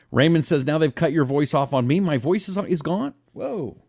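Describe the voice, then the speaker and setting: A man hosting a solo talk show, reading listener comments and talking in an animated, rambling way. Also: measured pace, gravelly. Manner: animated, rambling, lively swings in pitch. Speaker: radio talk show host. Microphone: own broadcast setup, fixing a failed mic on air.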